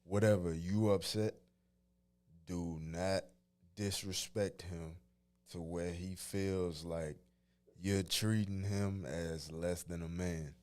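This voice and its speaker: A man's voice: low voice, fairly even intonation, slow, a little mellow. A man in a casual podcast chat, earnestly prodding and giving advice. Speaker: podcast co-host.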